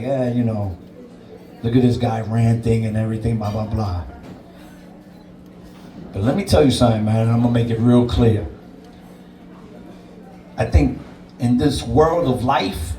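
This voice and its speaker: Dj guy telling it straight and cursing, mellow voice, sounds off mic in an echoey room. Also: mid-range voice, distant mic, slight background noise. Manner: blunt, emphatic, swears freely. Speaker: DJ and interview guest. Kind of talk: candid personal storytelling. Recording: roomy sound, away from the mic.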